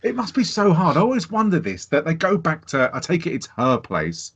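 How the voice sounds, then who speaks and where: A man co-hosting a podcast, chatting casually about a film, animated and laughing, swearing freely. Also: on the high side, a little fast, breathy edge. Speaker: podcast co-host. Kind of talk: casual film review chat. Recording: dull lo-fi sound.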